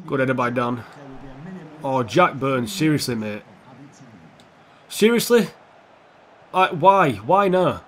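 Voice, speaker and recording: A young man giving casual, foul-mouthed commentary over his own football video game, switching between calm play-by-play and heated rants. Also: medium pitch, measured pace. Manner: swears a lot, swings from calm play-by-play to heated outbursts. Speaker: gaming YouTuber.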